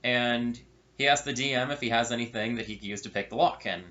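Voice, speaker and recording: A man casually telling a funny story from his game nights, with wry asides and animated delivery. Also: mid-range voice, a little fast. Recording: dull lo-fi recording.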